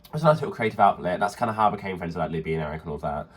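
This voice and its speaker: A man's voice: deep voice, lively intonation, very fast, breathy edge. A young man co-hosting a podcast in camp, chatty banter. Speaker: podcast co-host. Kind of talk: casual chat.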